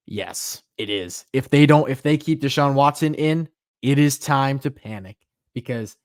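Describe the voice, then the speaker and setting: Young male podcast host, animated and emphatic, mid-range voice, dry close sound. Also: medium pitch, dry recording. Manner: animated, emphatic questions, self-correcting asides. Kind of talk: solo sports podcast talk.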